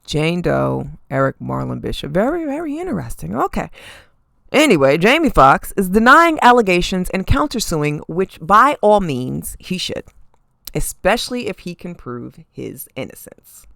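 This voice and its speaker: A sassy woman rattles off celebrity gossip as a podcast host, leaning on pointed "okay?" asides. Her voice sits a little low with a gravelly edge. Her pitch swings widely, and the recording is dry and close. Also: sing-song, moderate pace, fairly bright tone, dry recording. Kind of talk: casual celebrity gossip commentary.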